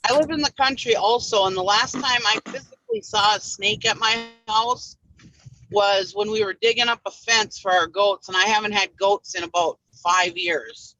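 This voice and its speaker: A woman's voice: medium pitch, moderate pace, sharp tone, slight background noise, low-quality recording. A woman teasing a friend in a casual group video call. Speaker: hangout participant.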